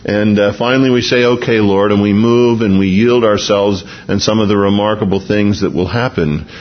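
A man's voice: on the low side, fairly even intonation, normal speed, highs cut off, a little hiss or hum. A man preaching an expository sermon in a conversational way, with restarts and small chuckles. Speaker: pastor.

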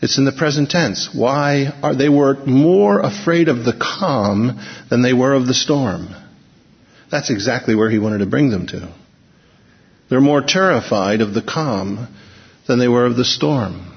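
A man preaching a sermon in a storytelling way, acting out the lines of the people in the story and changing his pace and loudness. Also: medium pitch, unhurried. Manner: storytelling, acts out quotes with shifting pace and volume. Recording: dull, muffled sound in a long-reverb hall.

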